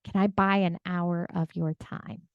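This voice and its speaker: A woman's voice: lowish voice, fairly even intonation, measured pace, clear, resonant tone, no room sound, highs cut off. A woman voicing a young boy who asks his father for money in a hopeful, pleading way.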